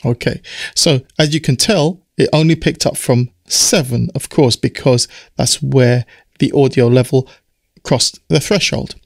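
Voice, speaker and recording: Man, croaky voice, relaxed step-by-step software tutor, dry close mic. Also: mid-range voice, measured pace, no echo. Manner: explanatory, step-by-step, relaxed with fillers. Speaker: music production tutor. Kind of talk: screen-recorded software tutorial. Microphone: studio mic through audio interface.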